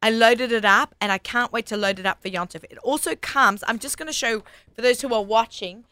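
Her voice sits on the high side, pushed and bright, with a clean, echo-free sound. This Australian radio host keeps the casual talk-show chat with her guest lively, full of enthusiasm and quick asides.

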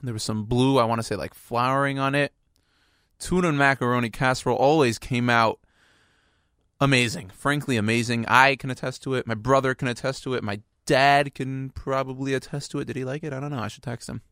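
A man's voice: mid-range voice, steady tone, a little fast, a bit bright, clear, resonant tone, no room sound. A man hosting a radio show, chatting casually in a rambling, playful, self-mocking way at a studio microphone.

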